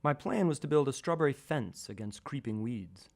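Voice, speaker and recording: Guy reading his own garden story out, calm and even, mid-pitched voice, dry humor. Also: normal speed. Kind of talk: first-person radio essay reading.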